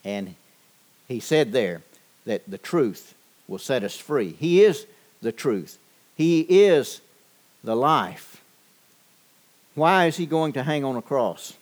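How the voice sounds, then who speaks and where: A man preaching a sermon, measured and deliberate, with frequent pauses and fillers. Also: mid-range voice, lively intonation. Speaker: pastor.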